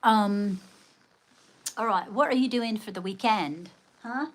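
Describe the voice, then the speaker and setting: A woman's voice: medium pitch, takes it slowly. A woman hosting a casual livestream, chatting with viewers and thanking them, often calling them darling. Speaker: livestream host.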